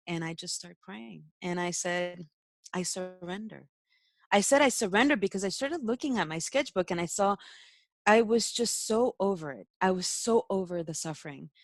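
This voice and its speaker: A woman's voice: fairly low pitch, no echo. A young woman, a spiritual teacher, telling a personal story in casual talk, emotional, laughing often and using many fillers.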